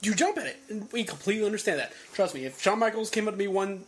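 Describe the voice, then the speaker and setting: A man co-hosting a podcast in casual chat, animated and laughing often. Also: high-pitched, very fast. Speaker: podcast co-host.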